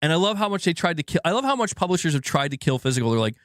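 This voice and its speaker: A man's voice: fairly high pitch, big pitch swings, rapid-fire, fairly bright tone, no room sound, clean studio sound. A man in his thirties hosting a gaming channel, ranting casually with frustration, swearing and stumbling over restarts. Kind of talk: casual livestream rant.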